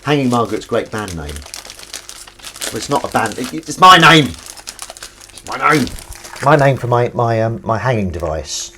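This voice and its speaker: Man, casual livestream host, animated pitch, rambling and self-deprecating, reads chat while doing dishes. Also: moderate pace, slight background noise. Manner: rambling, self-mocking, chatty asides. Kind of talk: casual chat reading viewer comments.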